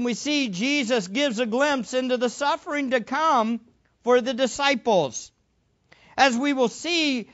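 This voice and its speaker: An emphatic preacher working through a passage in a sermon, leaning on repeated phrases and rhetorical questions and pushing a bit faster at times. The pitch sits in a middle range, and the recording has a slightly dull, muffled quality. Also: a bit bright.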